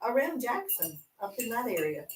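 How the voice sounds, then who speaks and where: A woman's voice: fairly high pitch, very animated, normal speed. A woman co-hosting a casual chat, chiming in with short corrections and dry remarks. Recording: echoey room with noise.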